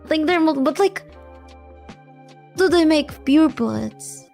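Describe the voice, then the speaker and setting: High-pitched giggly young woman guest. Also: animated, moderate pace, vocal fry, a little mellow, soft background music. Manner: giggly, hesitant, repeats words. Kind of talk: casual interview chat.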